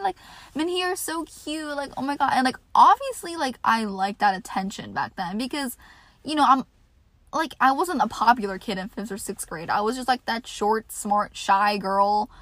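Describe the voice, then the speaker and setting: A young woman in her twenties talks through a casual podcast monologue, chatty and loose, peppering her sentences with "like" and "you know". Her voice sits at an ordinary pitch for a woman. The recording is dry and close, with no room around it. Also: a bit bright, no room sound. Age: 20s. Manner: chatty, filler-heavy, frequent "like" and "you know". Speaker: podcast host.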